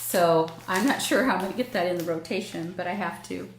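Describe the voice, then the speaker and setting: An older woman with a slightly low voice talks casually at home about her stitching, gushing and filling pauses with ums. The room is echoey, and a faint hiss sits under her voice. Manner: chatty and gushing, many ums. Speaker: cross-stitch vlogger. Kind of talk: casual show-and-tell chat.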